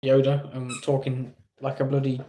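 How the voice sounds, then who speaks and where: A man's voice: mid-range voice, monotone, moderate pace, dark tone. A man with an English accent streaming live, chatting casually with viewers in a rambling, self-deprecating way.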